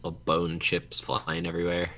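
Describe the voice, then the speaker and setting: A man's voice: sits low, completely flat delivery, normal speed, pushed and bright, slight background noise. A man playing a tabletop game, talking casually and joking with the table. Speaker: player.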